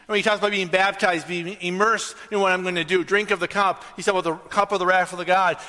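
A man's voice: high-pitched, steady tone, quick pace, few pauses, pushed and bright. A man preaching a conversational sermon, telling a story and then rising to emphatic questions. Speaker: pastor. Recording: reverberant hall.

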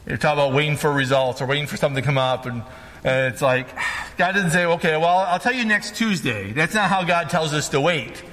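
A man's voice: fairly high pitch, fairly even intonation, fast, bright, forceful tone, in a large hall. A man preaching a casual sermon as pastor, talking conversationally and often checking in with "right?".

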